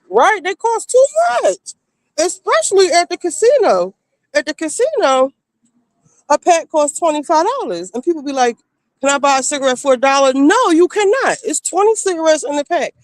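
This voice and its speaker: A woman streamer telling casual stories in a blunt, animated way, acting out the people she quotes. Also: high-pitched, fairly quick, no echo. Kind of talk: casual storytelling.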